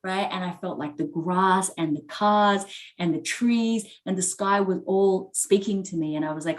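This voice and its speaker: A woman's voice: mid-range voice, normal speed. A woman co-hosting a podcast, telling a personal story in a candid, emotional way and swearing freely. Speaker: podcast co-host. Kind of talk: personal storytelling in casual chat.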